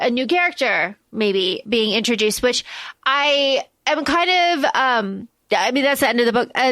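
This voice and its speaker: Higher-voiced woman recapping a book. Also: dry recording. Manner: lively plot recap with swearing. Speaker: podcast co-host. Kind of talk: casual book discussion.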